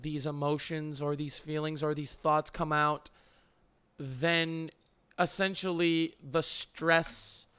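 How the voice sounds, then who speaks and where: Young man, streamer host, casual chat, headset mic, unhurried, smooth voice, halting with fillers. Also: on the high side, fairly bright tone. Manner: halting, many fillers and restarts.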